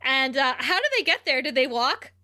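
She is a woman with a high, bright voice, chatting casually as a podcast co-host. She talks in a loose, chatty way and keeps breaking into giggles as she recaps the plot. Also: animated, moderate pace. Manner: giggly and chatty, laughs often. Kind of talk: casual episode recap chat.

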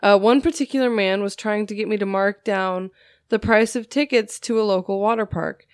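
A woman's voice: mid-range voice, fairly even intonation, normal speed, clean tone, no echo. A woman with a middle-range voice reads a listener story on a podcast. She is chatty and keeps laughing at the funny parts. The recording is dry and close. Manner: chatty, laughs at her own reading. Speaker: podcast co-host reading listener stories. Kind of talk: casual storytelling read-aloud.

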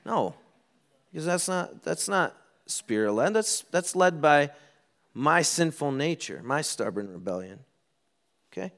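A middle-aged man preaching a sermon, telling stories and acting out quoted lines with lively ups and downs. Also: on the high side, measured pace, creaky, pauses often. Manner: animated storytelling, acts out quotes. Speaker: pastor.

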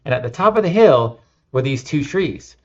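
A man telling lively anecdotes in an interview, with many fillers and restarts. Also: fairly high pitch, normal speed, dull audio. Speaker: nonprofit founder and guest. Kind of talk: casual interview storytelling.

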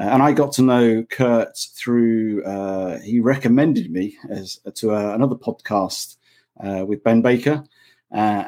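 A hesitant male podcast host with a fairly low voice. He introduces his guest and asks questions in a halting way, pausing and restarting often. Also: darkish tone. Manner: hesitant, many fillers and restarts. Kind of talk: casual interview chat.

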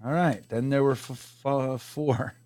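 A man's voice: mid-range voice, steady tone, measured pace, a little mellow, no echo. A middle-aged man co-hosting a casual sports chat stream, rambling through stories in a laid-back way. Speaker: podcast co-host.

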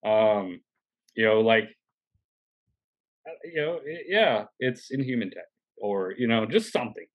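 A man with a lowish voice co-hosts a podcast, chatting loosely about a TV episode. He hedges and trails off, padding his thoughts with fillers as he works them out aloud. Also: lively intonation, unhurried, pauses often, muffled recording. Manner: hesitant, many fillers and trailing phrases. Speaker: podcast co-host. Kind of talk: casual discussion of a TV episode.

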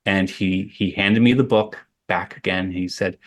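A man's voice: low voice, steady tone, unhurried, hardly any pauses. A middle-aged man, an artist guest, telling a personal story in a rambling, conversational way with many restarts.

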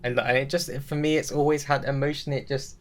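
A man's voice: medium pitch, fast talker. A man chatting casually as a podcast co-host, rambling with lots of restarts and fillers, full of enthusiasm. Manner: enthusiastic, animated. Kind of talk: casual chat.

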